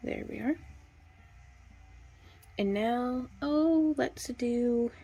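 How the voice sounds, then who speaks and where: Female craft instructor, mellow dark tone, casual step-by-step tutorial delivery. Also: fairly high pitch, extremely slow, soft background music. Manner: relaxed, chatty, counts stitches aloud.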